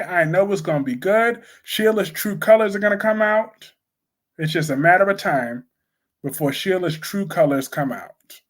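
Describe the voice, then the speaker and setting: A man with a high voice talks slowly and bluntly through his soap opera opinions. He repeats his points for emphasis in a casual live-stream chat with viewers.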